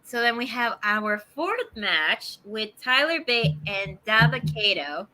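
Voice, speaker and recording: A woman co-hosting a wrestling review show, recapping matches in an animated, opinionated way. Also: fairly high pitch, slow pace. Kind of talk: casual recap and banter.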